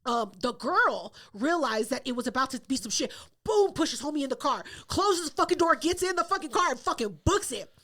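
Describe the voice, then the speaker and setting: A woman co-hosting a podcast, telling a story in a casual, profane way and acting out the quotes loudly. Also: high-pitched, a little fast. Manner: animated, profane storytelling with loud acted-out quotes. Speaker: podcast co-host.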